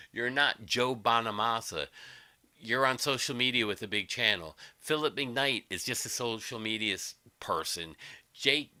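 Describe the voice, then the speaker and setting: A man ranting on his livestream, combative and sarcastic, with constant swearing. His pitch leaps up and down, and his voice is bright and cutting. The sound is dry and close to the mic. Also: no echo. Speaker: livestream host. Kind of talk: angry profane rant.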